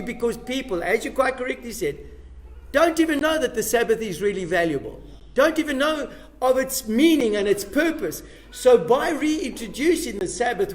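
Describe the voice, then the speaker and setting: High-voiced man teaching a Bible class. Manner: emphatic, asks the class questions. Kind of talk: Bible lesson to a live class.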